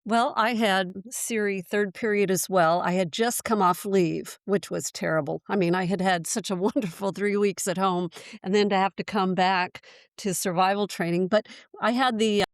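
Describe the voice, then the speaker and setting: A woman's voice: mid-range voice, steady tone, moderate pace, no room sound, clean studio sound. Reflective American woman in her sixties. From United States. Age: 60s. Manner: reflective, earnest recollection. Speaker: podcast guest. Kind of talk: casual reminiscing.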